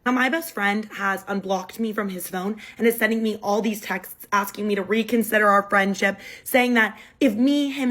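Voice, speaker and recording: A young woman retelling a personal drama in an animated, exasperated way, acting out her own quoted lines. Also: medium pitch. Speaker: storyteller. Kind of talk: storytime vlog.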